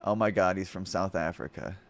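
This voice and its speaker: A man's voice: deep voice, fairly even intonation, brisk, dry recording. A man streaming casual reaction commentary, mocking and swearing freely, laughing often between remarks.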